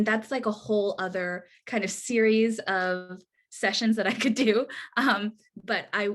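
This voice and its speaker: Speaking at medium pitch, this woman runs a workshop on a video call. She's earnest and chatty, frequently restarts, and keeps adding "right?" to the end of her points in this online workshop talk.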